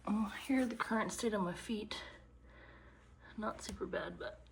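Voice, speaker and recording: A woman hiker chatting casually to her phone camera, gushing and often dropping into a hushed half-whisper. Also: mid-range voice, measured pace, creaky, noisy background. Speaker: long-distance hiker vlogging. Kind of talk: casual vlog chat.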